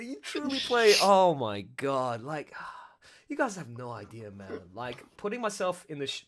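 A man hosting a live stream as director, rambling excitedly and laughing often. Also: medium pitch. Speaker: host, director and producer. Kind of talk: casual live stream chat.

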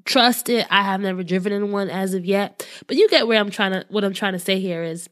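A woman's voice: medium pitch, a little fast, fairly bright tone. Earnest woman hosting a motivational podcast. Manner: earnest, encouraging, conversational with fillers. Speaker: podcast host.

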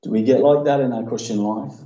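A man's voice: medium pitch, brisk, dark tone, distant mic. Man, pastor, sermon, emphatic repetition, roomy dull church recording. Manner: preaching with dramatized quotes and emphatic repetition. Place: church hall.

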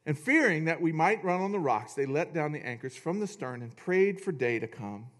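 Man pastor, fairly high voice, sermon in church, lively and jokey, reads scripture aloud. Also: normal speed.

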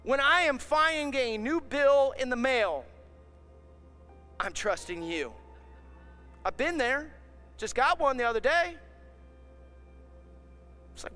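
A man preaching a sermon as pastor, impassioned, building up to shouts. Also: very high voice, animated, unhurried, long pauses, soft background music.

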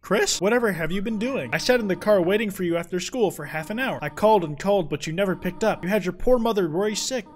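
Motherly goat woman, formal, gently scolding, game voice, done by a man. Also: sits high, expressive, fast talker, hardly any pauses, pitched above the performer's own voice.

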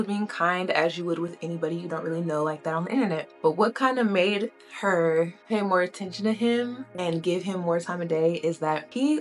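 A woman with a lowish voice tells a story in a loose, chatty way, tossing in "right?" and "you know" as she goes. Faint music plays underneath her. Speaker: commentary vlogger. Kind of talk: casual storytime retelling.

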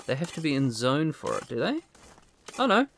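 Lively man rambling over gameplay. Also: a little high, moderate pace, slight background noise. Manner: rambling, self-deprecating, talks to himself. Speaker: let's play host. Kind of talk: casual gameplay commentary.

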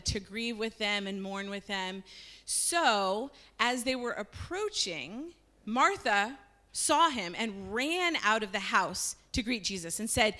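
A woman retelling a Bible story in a lively, conversational way during a church service. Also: on the high side.

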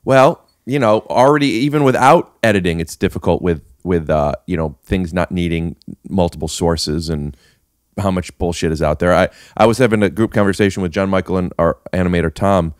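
A man's voice: deep voice, a little fast, no room sound, clean studio sound. A man hosting a podcast in casual chat, teasing and joking with his guest. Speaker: podcast host.

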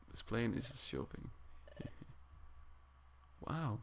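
A man's voice: medium pitch, sing-song, slow, creaky, pauses often. A man giving casual gameplay commentary with profane, joking asides between dialogue readings. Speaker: gameplay host.

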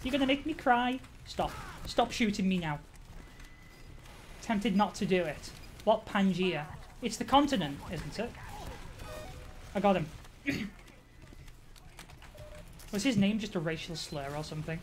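A woman's voice: medium pitch, animated, a little slow, long pauses. A woman with an ordinary mid-range voice, talking casually while she streams a game. She chats with her viewers and swears and laughs a lot. There is a faint hiss in the background. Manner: chatty, swears and laughs often, reacts to chat. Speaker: live streamer. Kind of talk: casual gaming commentary.

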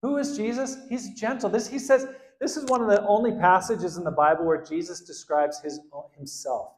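A man preaching a sermon as pastor, animated, swinging between loud outbursts and quiet asides and acting out the quotes. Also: high voice, normal speed, few pauses, echoey room. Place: church hall.

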